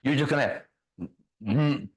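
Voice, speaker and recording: A man hosting a faith talk show, telling a story in a casual, profane, animated way and acting out the other voices. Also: mid-range voice, a little slow, low-quality recording. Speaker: ministry host.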